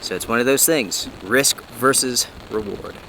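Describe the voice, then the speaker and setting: In a low-quality recording, a man with a gravelly, unhurried, medium-pitched voice vlogs casually to camera while sheltering under a tarp in a forest. He's winded but chatty and upbeat, speaking directly to viewers over loud, heavy rain.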